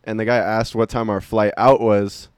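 A man's voice: lowish voice, level tone, normal speed, smooth, dry recording, clean studio sound. Laid-back young man, slangy chat. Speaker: podcast co-host. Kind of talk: casual chat.

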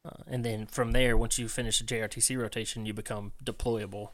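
A man's voice: lowish voice, level tone, fairly quick, fairly bright tone. A young man, a podcast guest, casually telling stories with lots of fillers. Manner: chatty, many fillers like "like" and "man". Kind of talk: casual storytelling.

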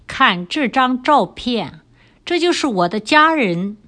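An older woman with a fairly high voice, reading example sentences for a language lesson. She speaks very slowly and carefully so that learners can follow. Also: expressive, pushed and bright. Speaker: co-host, reads example sentences. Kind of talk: slow, clear example reading.

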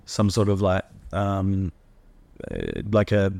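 An Australian man in casual podcast chat, rambling and halting with many fillers. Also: sits low, completely flat delivery, a little mellow. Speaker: podcast co-host.

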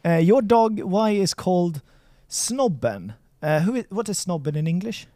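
A man's voice: high voice, lively intonation, normal speed, warm tone, no echo. A man from Sweden tutoring Chinese in a casual lesson, encouraging and playful, praising his student often. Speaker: language tutor.

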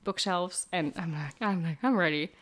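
A woman's voice: fairly low pitch, moderate pace. Chatty young woman podcast co-host. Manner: chatty, many fillers, laughs often. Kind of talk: casual podcast chat.

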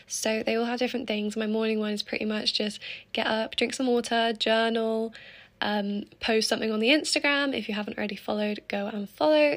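A teenage girl hosting her own podcast, chatting casually and upbeat with frequent laughs. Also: on the high side. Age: teens. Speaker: podcast host. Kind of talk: casual solo podcast chat.

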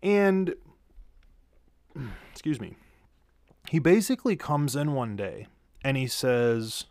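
A man's voice: medium pitch, lively intonation, slow pace, long pauses, a little mellow, dry recording, studio quality. A tired man after work, telling a rambling, profane story into a handheld mic with a pop filter, often correcting himself. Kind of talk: casual storytelling monologue. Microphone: handheld studio mic with pop filter.

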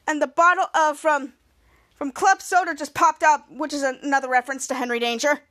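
A woman's voice: fairly even intonation, brisk, fairly bright tone, dry recording, clean studio sound. A woman hosting a podcast, retelling a TV episode scene by scene, acting out quotes and often restarting her sentences. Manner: retells scenes, acts out quotes with raised pitch, many restarts. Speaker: podcast host. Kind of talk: casual episode recap.

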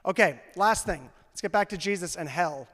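A male pastor preaching a sermon in a casual, conversational way, full of "like", who builds to loud fervor. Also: high-pitched, lively intonation, moderate pace. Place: church sanctuary. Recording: long reverb of a church hall.

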